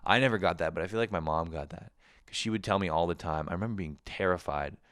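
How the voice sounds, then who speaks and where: Casting: Canadian man, very low voice, dry close sound, animated comedic rant with cursing. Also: fast, smooth, dry recording. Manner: animated, swearing, laughing often. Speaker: podcast host. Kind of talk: casual comedic monologue.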